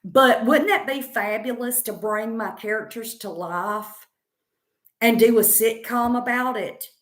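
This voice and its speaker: Chatty Southern woman, slow and roomy. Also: a little high. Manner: chatty, rambling, confident. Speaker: stand-up comedian. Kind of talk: casual chat answering viewer comments.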